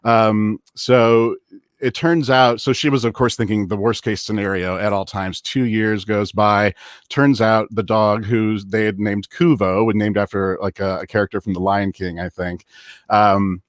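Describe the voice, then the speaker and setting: A man co-hosting a casual live-streamed podcast, chatting with many fillers and growing excited as he tells a story. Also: lowish voice, unhurried, no room sound, clean studio sound. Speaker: podcast co-host.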